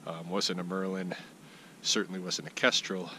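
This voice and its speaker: Easygoing man vlogging outdoors, lowish voice. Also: little pitch movement, moderate pace, sharp tone, poor audio. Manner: easygoing, thinks aloud with many fillers and restarts. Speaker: vlogger giving a weekly update. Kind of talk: casual rambling outdoor vlog. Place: outdoors in his backyard brush. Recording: outdoor ambient noise behind the voice.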